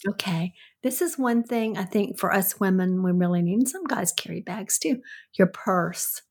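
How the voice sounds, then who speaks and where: A woman's voice: mid-range voice, moderate pace, a little mellow, slightly rough. An older woman with a Southern accent, co-hosting a podcast with her son, chatty and giving household tips. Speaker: podcast co-host, the host's mother. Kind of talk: casual chat.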